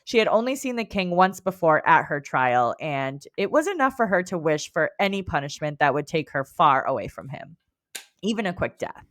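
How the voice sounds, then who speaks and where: A woman co-hosting a book club podcast, summarizing chapters in a lively conversational way and laughing often. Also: sits low, normal speed, no echo, studio quality. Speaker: podcast co-host. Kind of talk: casual book club chat.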